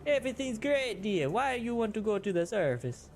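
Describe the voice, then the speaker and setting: A man's voice: high voice, big pitch swings, moderate pace, pitched above the performer's own voice. A man voicing a cheerful, laid-back male sea creature in a put-on Jamaican accent. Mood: coaxing.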